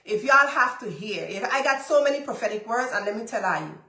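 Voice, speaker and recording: A business coach and livestream host gives casual testimony to a live audience in a high, bright voice at a brisk pace. She tells her story animatedly, repeating phrases for emphasis, in an echoey room.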